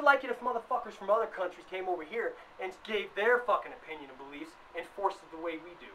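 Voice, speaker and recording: A man ranting in a comedic vlog, swearing freely, worked up, with bursts of loud emphasis. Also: high-pitched, fast talker, hardly any pauses. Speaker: vlogger. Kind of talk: comedic rant. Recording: distant mic, faint background noise.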